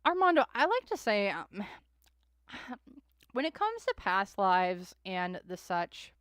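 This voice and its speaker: A woman's voice: medium pitch, sing-song, slow pace, a bit bright, smooth, no echo, studio quality. A young adult woman hosting a live tarot stream, chatting with viewers in a rambling way and often laughing and sighing between thoughts.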